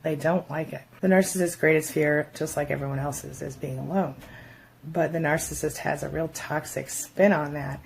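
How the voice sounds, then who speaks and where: A woman's voice: low voice, fairly even intonation, normal speed, creaky, a little mellow, slight background noise. A woman talking frankly to camera, giving relationship advice and mockingly acting out quoted remarks. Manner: frank, conversational, acts out quoted voices mockingly. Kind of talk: casual advice talk to camera.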